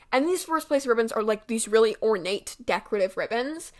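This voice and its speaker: A young woman telling a personal story in a casual, animated way, with lots of fillers and swearing. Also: a little high, fairly quick, hardly any pauses. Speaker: storytime vlogger.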